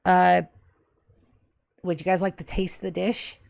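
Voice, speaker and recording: A woman's voice: lowish voice, flat delivery, slow, gravelly, a little mellow, no echo. A woman narrating as game master of a tabletop game, joking and swearing at her players.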